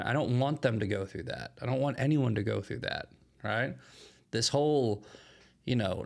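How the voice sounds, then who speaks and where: Emphatic man hosting political commentary. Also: mid-range voice. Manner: emphatic, repeats "right?" often, restarts phrases.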